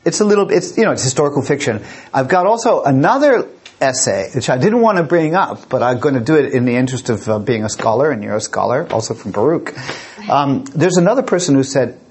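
A man's voice: medium pitch, sing-song, fast talker, darkish tone, breathy edge. A man giving a live lecture and taking audience questions, rambling and repeating his words, openly emotional. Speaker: lecturer and museum director.

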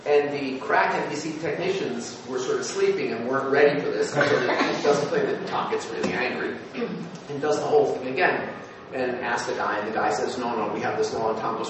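A former TV news producer with a slightly high voice gives a talk to an audience, telling animated anecdotes haltingly, with fillers and restarts. He sounds distant in a very echoey hall, and the recording picks up noise.

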